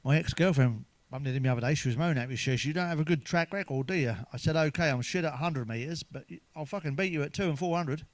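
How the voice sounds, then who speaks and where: Crude stand-up, middle-aged man, slightly high voice, dry close sound, swears freely. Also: fast, few pauses, dry recording. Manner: crude, swearing, laughs at own jokes. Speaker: stand-up comedian. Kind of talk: stand-up jokes told to camera.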